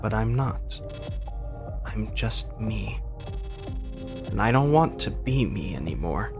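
A man reading as a worn-down, self-loathing game character who sounds weary and bitter. He speaks at a slow, heavy pace, and game music plays behind him. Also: fairly low pitch, sing-song, gravelly, full character voice. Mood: hollow. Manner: bitter, weary, bursts into swearing. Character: despairing, self-loathing trapped young character. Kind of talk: reading game dialogue aloud.

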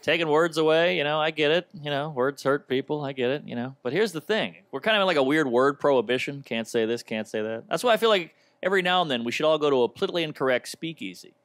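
A man's voice: a little high, expressive, fast talker, hardly any pauses, a bit bright, no room sound. A man performing a stand-up comedy set on stage into a handheld mic, with a wry, mock-offended delivery.

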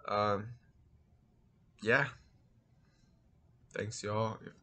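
A man's voice: on the low side, fairly even intonation, drawn-out words, sharp tone. A man in his thirties from East Los Angeles with an East LA accent, casually answering accent tag questions and thinking aloud, with a few Spanish words. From East Los Angeles, California. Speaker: vlogger.

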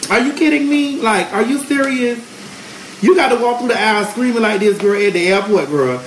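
A woman's voice: fairly high pitch, a little fast, roomy sound, slight background noise, poor audio. A woman hosting a casual cooking vlog from her home kitchen, a brash, profane, chatty storyteller. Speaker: host.

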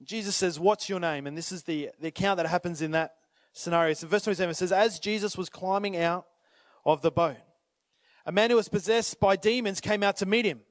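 A man preaching a sermon as pastor, swinging between urgent, rising calls and quiet appeals, sometimes acting out the people in the story. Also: high-pitched, a little fast, dry recording, clean studio sound. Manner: impassioned, rises to urgent calls then drops to quiet; acts out voices when retelling scripture.

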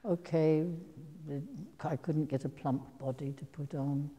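An older woman with a low, very mellow voice tells career anecdotes to an audience. She takes her time, pausing on ums and breaking into soft laughs. Her voice carries a long reverb from a large hall. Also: steady tone, slight background noise. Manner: slow and reflective, with frequent ums and soft laughs. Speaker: actress giving a talk.

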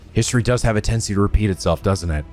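A man hosting a let's play, recapping the story in excitable, jokey, swear-filled commentary with sudden shouts. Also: on the low side, very fast, soft background music. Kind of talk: energetic gameplay commentary.

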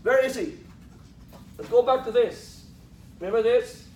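The lecturer's voice is very high-pitched yet darkish in tone, delivered at normal speed. He questions his students, jokes while teaching, and laughs at his own lines, all in an echoey classroom with a little background noise.

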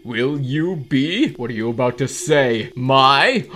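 Animated goofy gaming vlogger, a man. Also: mid-range voice, slow pace. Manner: goofy, excitable, jokey. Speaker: gaming YouTuber. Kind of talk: casual gameplay commentary.

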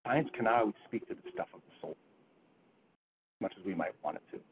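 A man's voice: fairly low pitch, quick pace, slight background noise, rough recording. A middle-aged man lecturing physicians at grand rounds, earnest, quoting literature, with frequent restarts. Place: lecture hall.

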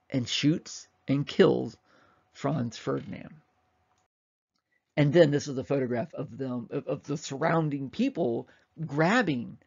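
A man's voice: medium pitch, gravelly, darkish tone, muffled recording. A man giving a casual, rambling history lecture, often correcting himself and acting out quotes.

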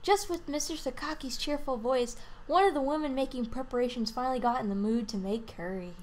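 A woman's voice: sits high, fairly quick, a little mellow. A woman playing a dating game, reading it aloud casually with crude joking asides. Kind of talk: casual let's-play reading.

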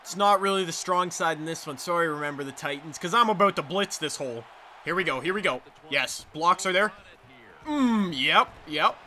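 A man giving excited, trash-talking commentary over his own football video game play. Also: fairly high pitch, normal speed. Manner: hyped, trash-talking, sing-song exclamations. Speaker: gaming YouTuber.

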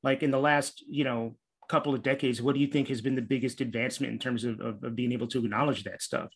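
Male podcast host, mid pitch, asks long meandering questions at a quick clip. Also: steady tone, breathy edge. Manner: quick, rambling questions with fillers. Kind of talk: interview questions.

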